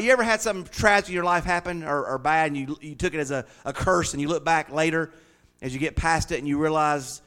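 A man preaching a sermon as pastor, swinging from loud, rising declarations to hushed, confiding stories. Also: a little high.

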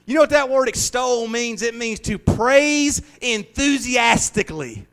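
A man's voice: high-pitched, normal speed, few pauses. Folksy middle-aged preacher man. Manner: folksy and conversational, swings from hushed to loud and lively. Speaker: pastor. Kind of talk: informal sermon, Bible study.

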